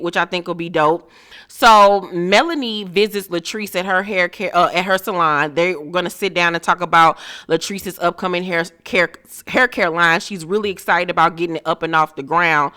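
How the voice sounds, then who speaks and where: A woman's voice: lowish voice, bright, forceful tone. A woman hosting a casual recap of a reality show, chatty, sassy and blunt.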